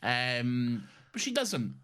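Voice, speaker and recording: A man co-hosting a podcast in casual chat, animated and sweary, paraphrasing scenes in quick mock voices. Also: medium pitch, smooth. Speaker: podcast co-host.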